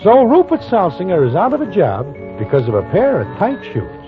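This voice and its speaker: A man's voice: sits high, wildly swooping pitch, moderate pace. An actor playing a streetwise male narrator of a 1940s radio drama, in slangy present-tense storytelling. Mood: wry. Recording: lo-fi old radio broadcast with music.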